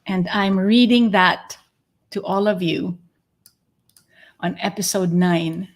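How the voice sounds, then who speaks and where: A woman's voice: mid-range voice, slow. A woman hosting an interview podcast, speaking in an earnest, effusive and reflective way. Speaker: podcast host.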